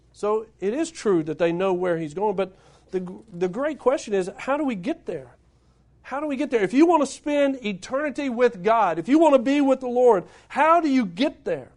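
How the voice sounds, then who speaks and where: Pastor guy preaching, kinda high voice, gets loud and pushy on the big points. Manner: preachy, rising to emphatic climaxes, asks the congregation questions. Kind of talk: sermon.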